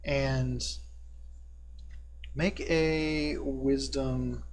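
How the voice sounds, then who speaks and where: A man running a tabletop game as game master, describing scenes with a measured, descriptive delivery. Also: medium pitch, steady tone, darkish tone, slight background noise. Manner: descriptive, measured narration with fillers.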